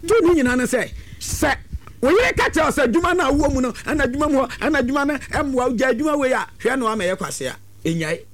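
A man giving lively, preachy advice on a talk show, sometimes breaking into shouts. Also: very high voice, fast talker.

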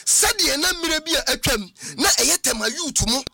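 A man's voice: very high-pitched, lively intonation, normal speed, vocal fry, bright, forceful tone, a little hiss or hum. A Ghanaian man, a football pundit, arguing insistently in a heated studio debate, reeling off names and ages.

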